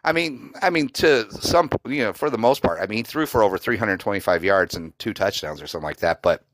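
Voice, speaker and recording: Man hosting a sports podcast, sarcastic, profane, ranting, lively swinging pitch, dry close sound. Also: fairly quick, dry recording, poor audio. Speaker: podcast host. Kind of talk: solo sports reaction rant.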